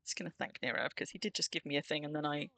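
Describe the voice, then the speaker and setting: A woman streamer talks through her game in a chatty, bubbly way, greeting viewers as she goes. Her voice sits a little low but sounds bright and forceful, with a dry, close sound. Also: very fast, vocal fry, dry recording. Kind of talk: casual livestream chat.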